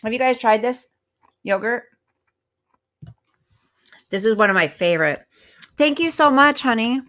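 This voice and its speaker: A woman's voice: on the high side, lively intonation, measured pace. A woman hosting a casual livestream, chatting with viewers, thanking them and eating as she talks. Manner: chatty, thanks viewers warmly, eats while talking. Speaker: livestream host.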